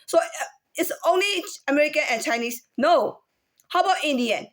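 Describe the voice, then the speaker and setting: Woman with a pretty high voice rambling casually, lots of restarts and um's, shows off different tones. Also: expressive. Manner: halting, many restarts and fillers; demonstrates different speaking tones. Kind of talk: casual spoken monologue.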